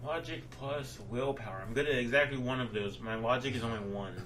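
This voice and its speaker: A man's voice: medium pitch, fairly quick, fairly bright tone. A man playing at a tabletop game, making wry jokes about his character's stats. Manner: wry, joking. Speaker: player. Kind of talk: casual chat at a tabletop game.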